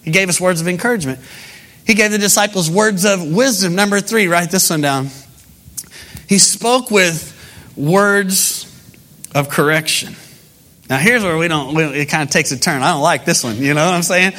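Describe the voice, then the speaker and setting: A man preaching a sermon in a conversational, animated storytelling manner. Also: high voice, normal speed. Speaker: pastor.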